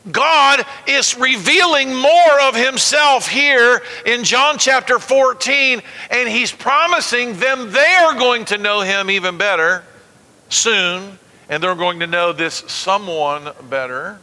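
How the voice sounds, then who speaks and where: A man preaching a sermon, animated and calling on the congregation to repeat words back to him. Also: very high voice, takes it slowly. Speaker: pastor. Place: church sanctuary. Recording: long reverb of a large hall.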